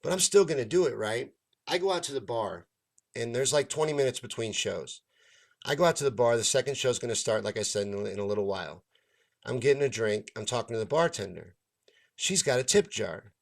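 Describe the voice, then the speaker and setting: His voice is creaky and medium-pitched, moving fairly quickly. A stand-up comedian and show host, he rambles through a long story, cursing freely and animatedly impersonating the people in it.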